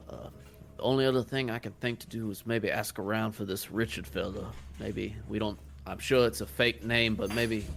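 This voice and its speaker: Sex: man. Role: wry low-voiced player. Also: creaky. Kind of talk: casual game chat.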